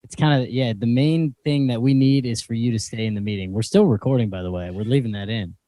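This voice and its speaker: A man co-hosting a casual podcast over a video call, joking and rambling and breaking into laughs. His voice sits at an ordinary pitch. The sound is dry and close, with no room around it. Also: fast, mellow, no room sound. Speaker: podcast co-host. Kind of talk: casual chat.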